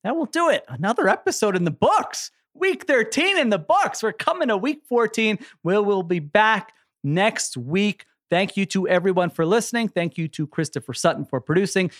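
Male podcast co-host, high voice, emphatic sarcastic takes. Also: sing-song, normal speed, a bit bright. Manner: emphatic, opinionated, sarcastic asides. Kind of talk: casual sports chat.

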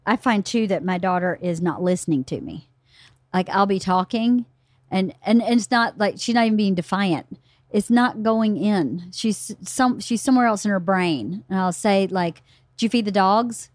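A middle-aged woman hosting a casual chat, animated and acting out her own scolding, her voice slightly hoarse. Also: mid-range voice, normal speed, no room sound, studio quality. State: hoarse from shouting. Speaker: podcast host.

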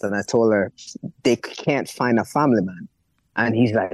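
A young man, an actor and bass player, telling a story in a casual interview and acting out the people he quotes. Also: normal speed, darkish tone, dry recording, poor audio. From Jamaica.

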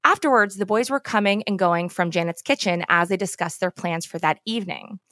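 A woman's voice: medium pitch, a bit bright, no echo. Woman host narrating true crime, dry sound. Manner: measured, explanatory. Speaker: podcast host.

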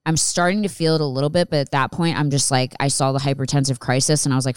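Podcast host, woman, 30s, rambling profane monologue, crisp and clean, no room sound. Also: a bass voice, steady tone, fast talker, dry recording, studio quality. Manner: candid, profane, rambling with restarts. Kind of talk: casual storytelling monologue.

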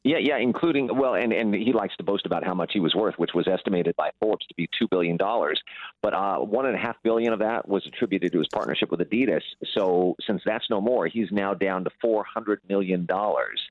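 A man working as a news correspondent, reporting live over the phone in a conversational, halting way with fillers and repeats. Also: low voice, dry recording. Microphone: telephone. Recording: tinny phone line.

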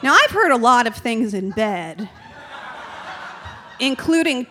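A woman's voice: fairly high pitch, very animated, takes it slowly, pushed and bright, a little hiss or hum. A young adult woman doing stand-up comedy, telling a candid, rambling and self-deprecating story.

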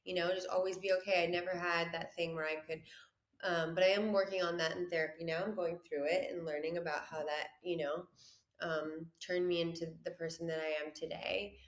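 A woman's voice: lowish voice, flat delivery, fairly quick, reverberant. A woman guest, a business owner, speaking candidly and earnestly in a casual interview. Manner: candid and earnest, many fillers.

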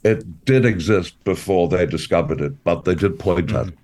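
A man doing a middle-aged, bumbling little-business entrepreneur on a comedy podcast. His voice sits fairly low as he gropes along through halting restarts and long ums. He sounds earnest and a touch lost. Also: darkish tone. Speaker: interview guest. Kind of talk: comedic character interview.

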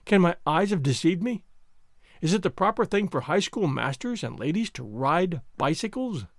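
A man's voice: high voice, big pitch swings, normal speed, no room sound, clean studio sound. A man voicing a fussy, anxious middle-aged schoolmaster who talks in a prim, mournful way. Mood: shocked.

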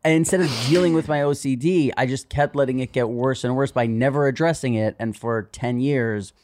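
A man's voice: mid-range voice, a little fast, a little mellow, no echo. A man chatting as a podcast guest, rambling with lots of "like" and acting out little quotes. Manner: rambling, frequent "like", acts out quotes. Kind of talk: casual chat.

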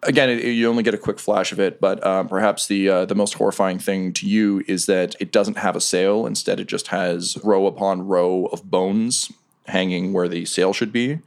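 Casual low-voiced male game master. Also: fairly even intonation, creaky. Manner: casual, halting with fillers, laughing often. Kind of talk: narrating a tabletop game.

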